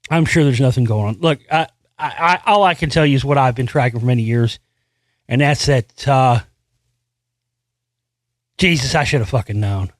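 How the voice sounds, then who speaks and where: A man's voice: medium pitch, normal speed, pauses often, no room sound. Cursing, exasperated male commentary host. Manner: profane, frustrated ranting with restarts; reads news text aloud, then comments. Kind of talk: solo commentary reading and ranting.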